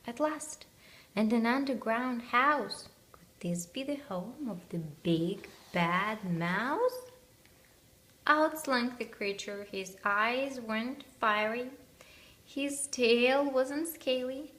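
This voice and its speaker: A woman's voice: a little high, takes it slowly, a bit bright. A woman reading a rhyming picture book aloud to children, telling the story with expression.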